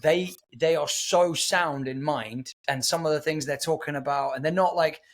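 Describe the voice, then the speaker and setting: Male podcast host, fairly high voice, chatty, animated storyteller. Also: normal speed. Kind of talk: casual podcast chat.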